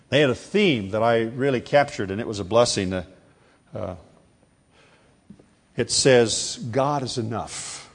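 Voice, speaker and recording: An older man preaching a sermon to a congregation, emphatic and animated, calling on listeners to repeat phrases after him. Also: on the low side. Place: before a live congregation.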